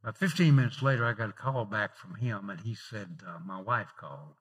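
A male pastor preaching a sermon in a conversational way, telling personal stories and swinging from emphatic lifts to softer asides. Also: fairly low pitch, lively intonation, brisk, husky. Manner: rising emphatic openings then dropping softer.

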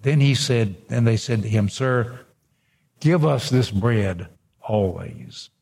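A man's voice: medium pitch, takes it slowly, vocal fry, darkish tone, breathy edge. A man preaching a sermon, reading scripture aloud and breaking in with emphatic asides. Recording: long hall reverb.

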